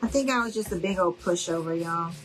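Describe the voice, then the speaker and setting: A woman's voice: on the low side, fast talker, a little hiss or hum, poor audio. A woman hosting a live crafting demonstration, chatting with viewers, saying y'all and asking okay? as she works. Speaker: craft tutorial host.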